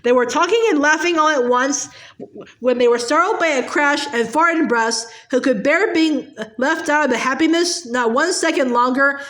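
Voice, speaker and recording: A woman's voice: high voice, fairly bright tone. A woman reading a novel aloud earnestly, with stumbles and repeats. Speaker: audiobook reader. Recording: roomy echo.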